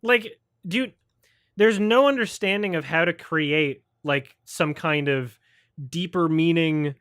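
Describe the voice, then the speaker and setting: A man with a slightly high voice and a sharp tone hosts a livestream film review chat. He rants about movies in a sarcastic, profane manner and ridicules people using put-on quotes. The recording is dry, with clean studio sound.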